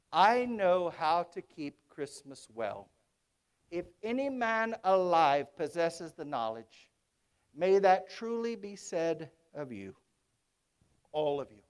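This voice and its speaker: A man playing an elderly reformed miser in a stage monologue, chuckling and exuberant, dropping to low hushed tones when he tells his story. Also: clear, resonant tone. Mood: earnest. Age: older. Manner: exuberant, chuckling, switches between high excitement and low hushed narration. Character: old reformed miser, giddy and warm-hearted male. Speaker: stage performer in a one-man show.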